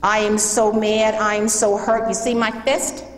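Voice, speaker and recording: A woman playing a loud, brash New York woman, heartbroken and angry, with a New York accent. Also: little pitch movement, unhurried, natural voice. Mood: furious. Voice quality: loud, brash, high-pitched. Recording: echoey hall from a distance.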